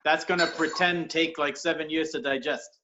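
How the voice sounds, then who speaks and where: A man improvising a comedy scene over a video call, earnestly playing an odd cop with absurd deadpan logic. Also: a little high, normal speed, noisy background. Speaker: improv performer. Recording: dull lo-fi video call audio.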